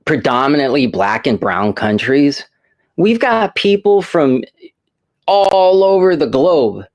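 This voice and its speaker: A man's voice: fairly high pitch, big pitch swings, slow, darkish tone. A man hosting a casual chat, telling a rambling story and restarting his sentences. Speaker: host.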